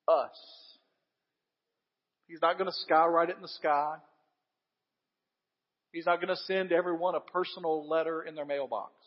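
A man preaching a sermon, his voice pitched high for a man. He speaks earnestly, builds emphasis through repeated phrases and asks the congregation questions. The sound is dull and lo-fi, with a long reverb trailing through the church hall. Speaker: pastor.

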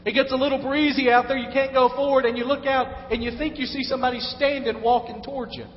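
High-voiced man preaching in an echoey hall. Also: steady tone, quick pace, slight background noise. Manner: conversational preaching, acts out quoted voices. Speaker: pastor. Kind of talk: sermon. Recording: echoey hall, dull lo-fi sound.

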